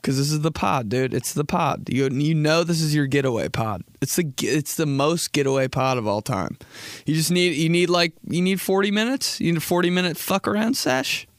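A man's voice: a little high, a little fast, dry recording. A young man hosting a podcast, talking through a rambling comedic monologue from a studio, laughing often and calling his listeners dude and bro. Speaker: podcast host.

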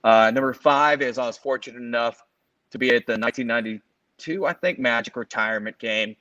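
A man's voice: mid-range voice, a little fast, dry recording. A man in his forties from the Los Angeles area rambles through sports memories as a podcast co-host, stacking fillers and restarts. His mid-range voice comes through a dry, slightly muffled lo-fi recording. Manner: rambling, filler-heavy, animated storytelling. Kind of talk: casual sports chat.

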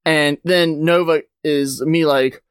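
A man's voice: a little high, steady tone, slow, clean tone, dry recording, studio quality. A man hosting a podcast, casually retelling a comic's plot with plenty of "like" and "uh" fillers. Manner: rambling retelling, many "like" and "uh" fillers. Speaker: podcast host. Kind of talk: casual comic book recap.

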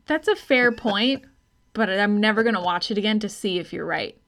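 A woman's voice: medium pitch, animated, moderate pace, a bit bright. A woman co-hosting a podcast, talking frankly and casually about a movie and swearing freely. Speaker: podcast co-host. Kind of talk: casual movie-review chat.

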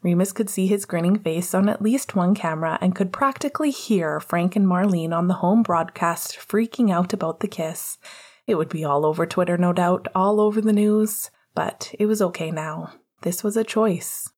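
Husky-voiced woman narrating an audiobook. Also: on the low side, normal speed, darkish tone.

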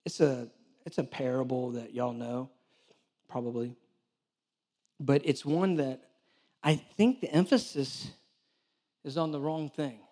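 With a mid-range voice, a somewhat slow pace, and frequent pauses, a church director preaches to his congregation. He tells animated stories, acting out the dialogue, and jokes with the listeners.

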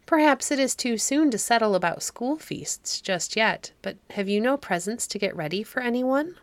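Woman reading as a gentle young governess. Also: on the high side, lively intonation, normal speed, no echo. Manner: gentle, soothing. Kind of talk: audiobook reading.

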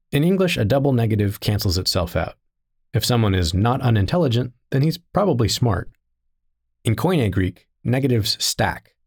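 A man giving a scripted teaching narration in a measured, deliberate reading style. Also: lowish voice, vocal fry, husky.

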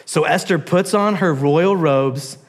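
A pastor with a voice on the high side preaches a sermon slowly, telling a story animatedly and acting out its characters. Long church hall reverb fills the recording.

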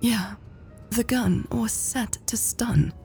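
A woman voicing a tender young woman who speaks softly, often in a hushed whisper, in an audiobook. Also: medium pitch, slow pace, vocal fry, husky, faint music behind, pitched above the performer's own voice, exaggerated voice. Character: soft tearful young woman, tender lover.

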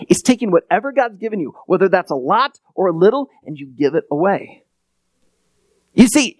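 Animated, high-voiced male preacher. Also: dry recording. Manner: conversational, repeats words when he restarts. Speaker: pastor. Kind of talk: sermon.

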